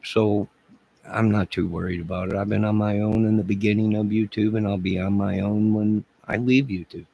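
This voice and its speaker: A man's voice: lowish voice, fairly even intonation, normal speed, gravelly, dark tone, highs cut off. A man hosting a YouTube live stream, answering viewer comments in a rambling, crude and mocking way. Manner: combative, crude, mocking and sarcastic.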